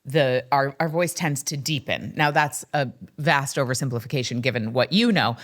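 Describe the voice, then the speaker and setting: A woman's voice: a bass voice, normal speed. A woman hosting a podcast interview, reflective and thinking aloud as she talks. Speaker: podcast host.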